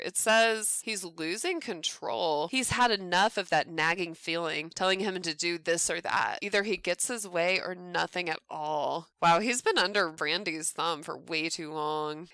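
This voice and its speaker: A woman hosting a let's play, narrating a life simulation game with excited commentary and quick put-on lines for the characters. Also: fairly low pitch, clear, resonant tone, dry recording. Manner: excitable, voices sims in quick asides.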